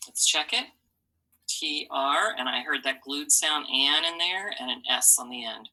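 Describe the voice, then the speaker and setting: A woman's voice: low-pitched, expressive, unhurried, bright, forceful tone, low-quality recording. A woman teaching a phonics lesson to children, patiently sounding out letters and syllables and encouraging them.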